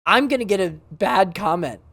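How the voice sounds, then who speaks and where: A man co-hosting a casual podcast, laid-back and asking drawn-out questions. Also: high voice, animated, a bit bright, dry recording. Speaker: podcast co-host.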